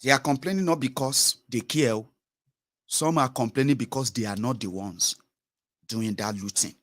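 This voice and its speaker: A man's voice: mid-range voice, moderate pace. A man delivering a blunt political commentary monologue with many hesitations.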